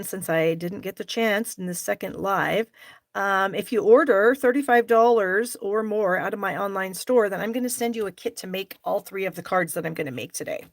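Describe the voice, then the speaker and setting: A woman's voice: mid-range voice, gravelly, dry recording. A middle-aged woman hosting a live stamping class, chatting with viewers by name and openly frustrated at her own mistakes. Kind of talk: live crafting demonstration.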